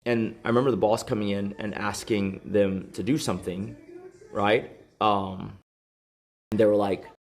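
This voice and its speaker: A man telling a story in casual chat, rambling with many fillers and restarts, swearing, and getting heated and high-pitched when exasperated. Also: little pitch movement, normal speed. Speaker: podcast host.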